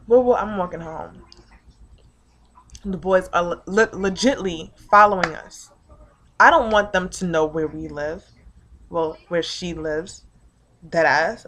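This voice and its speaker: This is a young woman in her late teens recounting her day to camera in a loose, rambling way. Her voice sits slightly low for a woman, and she swears casually while stringing thoughts together with "like.". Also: takes it slowly, long pauses, a bit bright. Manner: rambling and profane, heavy use of "like". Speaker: vlogger. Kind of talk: casual storytelling.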